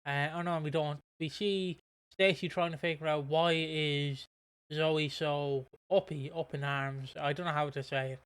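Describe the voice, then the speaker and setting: Smooth-voiced man, rambling recap. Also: a little high, steady tone, measured pace, a bit bright. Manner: rambling, swears casually, loses his train of thought. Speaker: podcast host. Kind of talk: casual recap chat about a soap opera.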